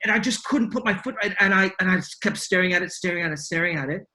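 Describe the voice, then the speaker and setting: A man's voice: sits high, quick pace, bright, forceful tone. A middle-aged man chatting casually as a podcast guest on a video call, rambling through a story with many fillers and restarts. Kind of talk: casual chat.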